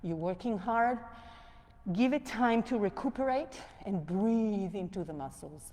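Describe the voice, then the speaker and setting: A woman yoga instructor with a non-native English accent, gently cueing poses and breathing as she leads a class on a mic in a yoga studio. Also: mid-range voice, lively intonation, measured pace. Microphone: wearing a mic. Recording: long echo of a studio hall.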